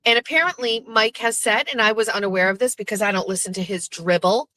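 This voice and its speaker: A woman hosts a loose morning talk show. Her tone is bright and a little sharp, and her pitch sits in an ordinary middle range. She chats on and on in a lively way and swears casually. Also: fast talker, poor audio. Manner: chatty, swears casually, animated storytelling. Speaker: show host.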